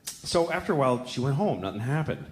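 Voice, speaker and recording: A man's voice: medium pitch, very animated, quick pace. A man telling a story in a stand-up set, in a conversational way that builds to exasperation. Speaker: stand-up comedian.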